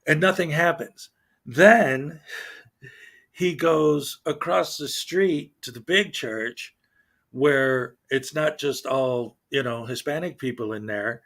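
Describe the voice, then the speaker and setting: A man's voice: a little high, measured pace, fairly bright tone. A man hosting a casual livestream, chatting with viewers in a rambling way, full of fillers and restarts. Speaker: livestream host.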